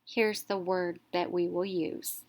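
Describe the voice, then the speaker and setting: A woman teacher narrating a reading lesson, explaining step by step and sounding out letters clearly. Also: lowish voice, little pitch movement, takes it slowly, slight background noise.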